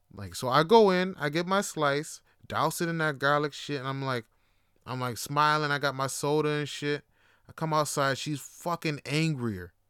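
A young man spins a comic anecdote in loose, slangy talk full of curses and fillers. His voice sits a bit high, with a crisp, smooth tone. It sounds dry and close to the mic. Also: no echo. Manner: animated, profane, slangy, lots of fillers. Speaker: podcast host. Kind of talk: casual comedic storytelling.

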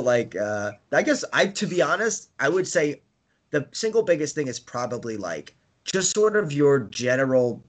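Rambling casual man chatting. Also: mid-range voice. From United States. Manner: rambling, with many fillers and restarts; laughs often while talking. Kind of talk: casual chat.

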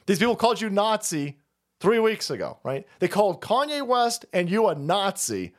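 A foul-mouthed man hosting a live stream, ranting with lots of mocking laughter. His voice sits a bit high for a man and swings all over the place in pitch. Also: very animated, normal speed. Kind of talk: profane comedic rant commentary.

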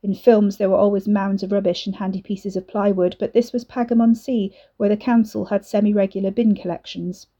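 Mellow woman narrating an audiobook. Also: medium pitch, little pitch movement, fairly quick, hardly any pauses, highs cut off.

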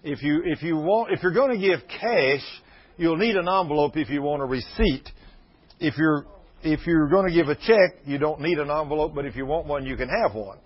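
A man's voice: a little high, normal speed, slightly rough. Folksy preacher in his sixties. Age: 60s. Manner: folksy, emphatic, breaks into prayer. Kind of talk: sermon. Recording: dull lo-fi recording.

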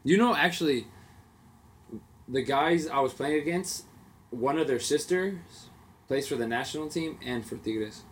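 A young man co-hosting a casual podcast, telling animated stories in slang and swearing freely. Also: mid-range voice, a little slow, pauses often, a little hiss or hum. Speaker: podcast co-host. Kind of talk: casual chat.

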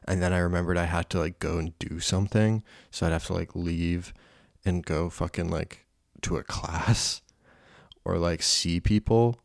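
Low-voiced man rambling, self-deprecating. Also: steady tone, moderate pace, vocal fry, dry recording, clean studio sound. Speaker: podcast host. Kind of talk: casual solo podcast monologue.

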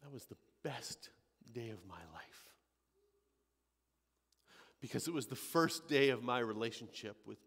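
A male pastor playing a repentant thief dying on a cross, in a dramatic first-person monologue at a church service, halting and emotional, moving from hushed remorse to crying out. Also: mid-range voice, slightly rough, in a large hall, pitched below the performer's own voice, heavily acted. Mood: awed.

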